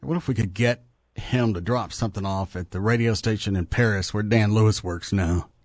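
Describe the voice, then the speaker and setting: A man's voice: fairly low pitch, moderate pace, a little mellow, no echo, studio quality. A man hosting a morning radio show, joking and teasing a caller. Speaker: radio host.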